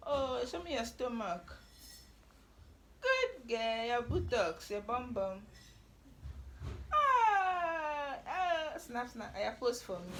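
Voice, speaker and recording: A young woman with a Nigerian English accent, playfully teasing and fussing over her little ones at home. Her slightly high voice swoops up and down with lots of expression. She takes her time, drawing out her words. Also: very animated, slow pace, a bit bright, a little hiss or hum. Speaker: mother and family vlogger. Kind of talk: casual family chat with young children. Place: family home.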